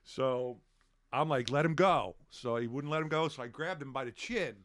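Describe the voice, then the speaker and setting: A middle-aged man telling a story on a podcast in a casual way. He swears freely and acts out the shouts and quotes of the people in it. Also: medium pitch, normal speed, no room sound, clean studio sound.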